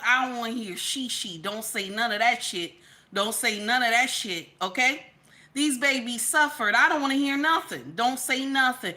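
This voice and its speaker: A woman doing emotional live-stream commentary, emphatic and repetitive, swinging between loud scolding and quiet, near-tearful talk. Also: fairly high pitch, moderate pace. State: near tears.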